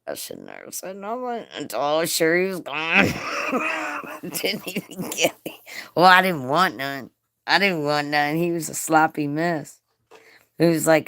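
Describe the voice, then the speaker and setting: A woman's voice: sits low, very animated, unhurried, a bit bright, no echo, studio quality. A woman hosting a casual livestream, reading chat and telling stories with frequent swearing and laughter. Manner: crude, swearing, laughing often.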